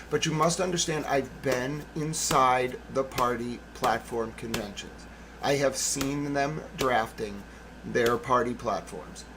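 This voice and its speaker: Gravelly blunt man ranting. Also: mid-range voice, background noise. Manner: blunt, profane, sarcastic. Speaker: channel host. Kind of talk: heated political monologue.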